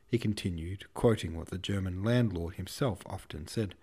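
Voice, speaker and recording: A man's voice: sits low, normal speed, hardly any pauses, dark tone, breathy edge. A man podcast host reading a novel aloud in an irreverent, swearing style with cheeky asides. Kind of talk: irreverent audiobook narration.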